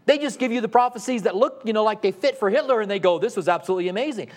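A man's voice: very high voice, fast. A man preaching a sermon in a conversational way, asking the congregation rhetorical questions and acting out quoted voices. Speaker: pastor.

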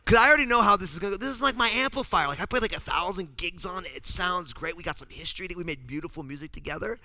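A pastor from New Jersey telling a funny family story in a sermon, acting out the voices of the people in it. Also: male voice, high-pitched, racing, no echo. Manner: animated, acts out voices in his story.

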